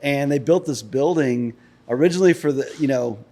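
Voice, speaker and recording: A man's voice: mid-range voice, brisk. A man chats easily as a podcast guest. His voice sits in a middle register and his sentences wander along with lots of fillers. He is recording inside an old industrial building. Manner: relaxed, rambling with many fillers. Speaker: guest, pipe business founder. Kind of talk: casual podcast chat.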